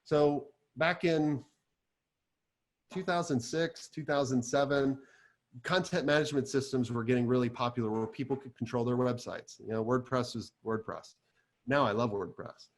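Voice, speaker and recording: A man giving a live talk to an audience as an agency coach, chatty and energetic, full of fillers as he tells stories. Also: mid-range voice, moderate pace.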